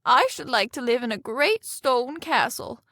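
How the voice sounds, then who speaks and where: A woman's voice: on the high side, expressive, unhurried, fairly bright tone, no room sound, studio quality. A woman narrator voicing a greedy, demanding fisherman's wife in a storybook reading. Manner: bossy and insistent.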